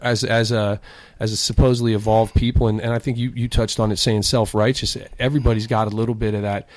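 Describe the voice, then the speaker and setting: A man chatting in a relaxed, profane way during a casual podcast conversation. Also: fairly low pitch, fast, no echo. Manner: laid-back, swearing, conversational.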